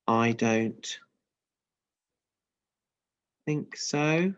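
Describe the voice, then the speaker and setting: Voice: medium pitch, drawn-out words, clear, resonant tone. A teacher doing a gloating storybook troll. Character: disgusting greedy troll under a bridge. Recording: dull lo-fi sound.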